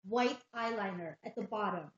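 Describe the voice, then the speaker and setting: A woman's voice: medium pitch, normal speed, roomy sound, highs cut off. A woman co-hosting a casual makeup livestream, enthusiastic and repeating herself as she gushes. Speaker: livestream co-host.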